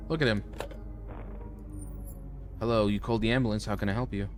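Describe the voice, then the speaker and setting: A man's voice: on the low side, steady tone, fairly quick, long pauses, faint music behind. A man streaming a horror game, reading its lines aloud with joking asides. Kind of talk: casual let's-play commentary.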